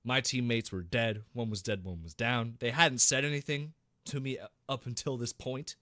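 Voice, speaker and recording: A young podcast co-host tells a casual gaming story packed with swearing, acting out voices and gunfire. His mid-range voice keeps a steady, sharp tone at a moderate pace. The studio recording is clean with no echo.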